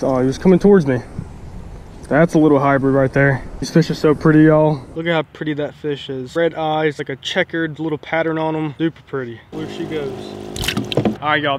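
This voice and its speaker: A young man hosting an outdoor fishing vlog, chatty and excited, talking straight to his viewers. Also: a little high, a little hiss or hum. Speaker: fishing vlogger. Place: outdoors by a pond.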